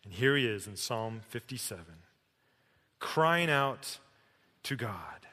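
A man's voice: mid-range voice, expressive, slow, pauses often. Emphatic man preaching in a reverberant hall. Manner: emphatic, shifts from loud to hushed. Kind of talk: sermon.

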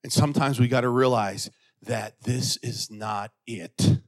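A middle-aged male pastor preaching a sermon in church, swinging between hushed asides and loud, exclamatory bursts. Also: mid-range voice, measured pace.

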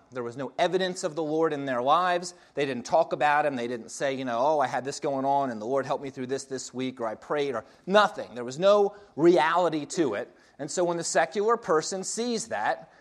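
A man's voice: a little high, animated, moderate pace, few pauses. Wry man telling his own story. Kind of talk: casual personal testimony.

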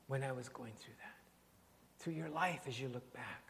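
An older man, preaching and praying in a church in a gentle, unhurried way, repeating phrases and often dropping very soft. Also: medium pitch. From Canada. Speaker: pastor. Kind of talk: sermon and prayer. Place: church sanctuary. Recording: long hall reverb, faint ambience.

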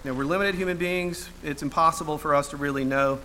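A man delivers a sermon in a bright, forceful voice that sits a little high. He talks conversationally, with plenty of ums and restarts, and drops dry jokes. Faint noise hums behind him. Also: steady tone, quick pace. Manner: conversational with frequent fillers and restarts; dry humor. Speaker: preacher.

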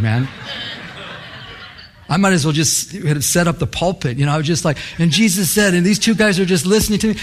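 A pastor telling a story in a sermon, quoting scripture, lively at times and hushed at others. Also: male voice, high-pitched. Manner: animated, quotes scripture, drops to hushed intensity.

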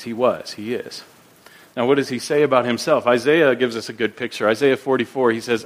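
A man preaching a sermon as pastor, earnest, often repeating words as he builds his points and slowing down for scripture quotes. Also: mid-range voice.

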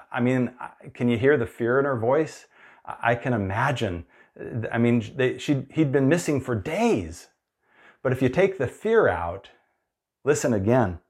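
Unhurried man preaching a sermon. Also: mid-range voice, expressive, breathy edge. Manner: unhurried, conversational preaching with playful voiced asides. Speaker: pastor.

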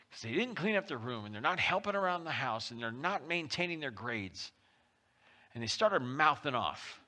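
A male pastor giving a conversational sermon, swinging between loud pushes and soft drops. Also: fairly high pitch. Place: church.

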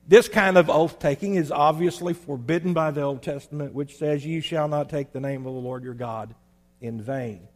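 A man preaching a sermon in a measured, emphatic way, slowing down to stress key phrases. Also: fairly high pitch, long reverb tail.

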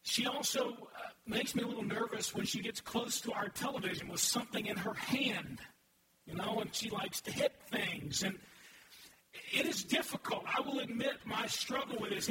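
A man in his thirties preaching a sermon as pastor, talking conversationally and asking the congregation questions. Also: sits high. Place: church sanctuary. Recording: echoey, distant, noisy room recording.

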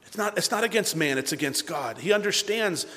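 A man's voice: high voice, brisk. Fervent preacher man in reverberant hall. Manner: animated preaching, swinging between loud bursts and hushed asides. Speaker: pastor. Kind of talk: sermon.

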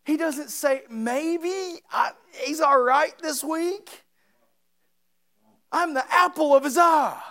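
A man preaching a sermon with passion, dropping to quiet asides and rising to shouted peaks. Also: extremely high pitch, takes it slowly. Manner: impassioned, swings from quiet to shouting.

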